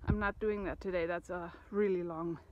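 A woman's voice: lowish voice, steady tone, moderate pace, muffled recording. A woman vlogging while hiking uphill on a desert trail, chatty and enthusiastic, a bit out of breath, sometimes dropping to a near-whisper. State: out of breath from climbing. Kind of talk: casual hiking vlog narration. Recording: windy outdoor handheld recording. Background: wind noise.

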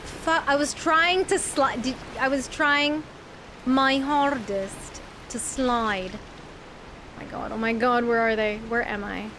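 High-voiced woman streaming a game. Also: fairly even intonation, takes it slowly, bright, forceful tone, a little hiss or hum. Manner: chatty, shrieks and squeals at sudden enemies; talks to viewers in chat. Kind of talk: live gameplay commentary.

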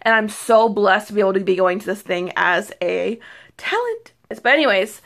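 A young woman beauty vlogger chatting casually to camera, excitable and rambling, full of fillers and restarts. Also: medium pitch, moderate pace, creaky. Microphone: phone or camera mic.

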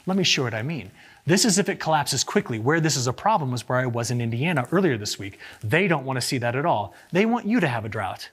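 A man, an agricultural meteorologist, giving a lively, joking slide presentation to farmers and asking the audience rhetorical questions. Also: mid-range voice, fast talker, slightly rough.

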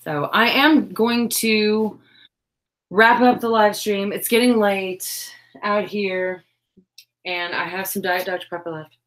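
A chatty woman hosts a crafting livestream from her craft room at home. She talks casually and pokes fun at herself, reading viewer comments aloud as she goes. Her voice sits at an ordinary middle pitch. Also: fairly even intonation, slow pace, fairly bright tone. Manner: chatty, self-deprecating, reads chat aloud.

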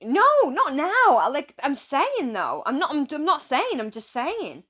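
A woman's voice: sits high, wildly swooping pitch, unhurried, a bit bright. A young woman from England hosting a reaction video, chatting casually in a giggly, gushing, rambling way.

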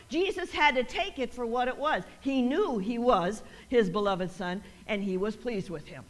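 Preaching at a moderate pace with few pauses, this woman pastor has a slightly high voice. Her sermon uses call-and-response, climbing toward emphatic repetitions, and she voices quoted characters with laughter.

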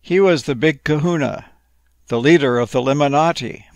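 A man gently narrating a playful, whimsical bedtime story. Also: fairly high pitch, normal speed, no echo.

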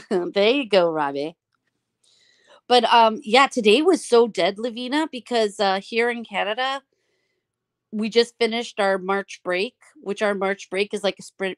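A woman's voice: a little high, a little slow. A woman hosting a casual live stream, chatting affectionately with friends and laughing often.

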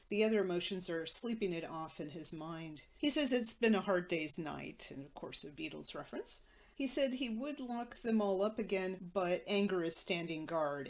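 A woman podcast host recapping a TV episode in a matter-of-fact way with wry asides. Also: on the low side.

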